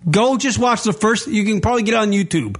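A male radio show host ranting in a loud, profane way and repeating himself as he goes. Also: high voice, quick pace. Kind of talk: brash profane radio rant.

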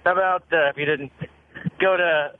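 A drunk man calling into a radio show, rambling and halting, with lots of fillers. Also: a little high, steady tone. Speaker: caller. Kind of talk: casual phone call to a radio show. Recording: tinny phone line with hiss.

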